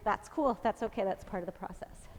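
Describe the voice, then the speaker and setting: A woman's voice: medium pitch, brisk, in a large hall. A woman fitness instructor coaching a home workout, encouraging and counting reps aloud while out of breath. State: out of breath, winded.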